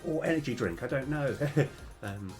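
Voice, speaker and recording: A man's voice: mid-range voice, animated, normal speed, over music. A young man streaming game development, chatting casually and hesitantly with many fillers and restarts, his voice slightly worn. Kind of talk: casual live coding chat.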